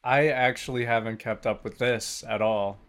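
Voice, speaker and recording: A man co-hosting a casual news chat with a relaxed, unhurried delivery. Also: mid-range voice.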